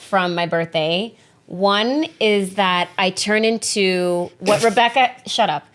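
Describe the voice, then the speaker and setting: A young woman from Canada co-hosting a chatty podcast, animated and self-mocking, swearing freely. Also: mid-range voice, slow. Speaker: podcast co-host. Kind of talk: casual chat.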